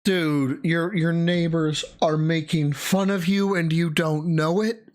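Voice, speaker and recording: A man's voice: a little high, steady tone, slow, a little mellow. A man co-hosting a live stream, roasting his partner with sarcastic, crude jokes. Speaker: stream co-host.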